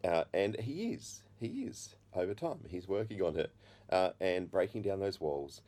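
A middle-aged man telling an earnest, halting testimony in a sermon, full of fillers and restarts. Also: low-pitched, big pitch swings, mellow. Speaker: preacher.

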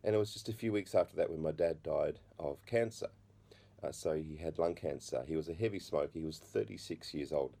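A middle-aged man sharing his personal testimony, halting with many restarts, and a slight cough. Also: rumbling low, creaky, mellow. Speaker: speaker giving his testimony.

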